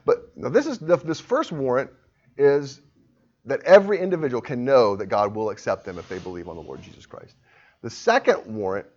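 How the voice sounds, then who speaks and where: A man preaching a sermon in an earnest, emphatic way, swinging between quiet reasoning and forceful pleas. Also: mid-range voice. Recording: dull lo-fi sound.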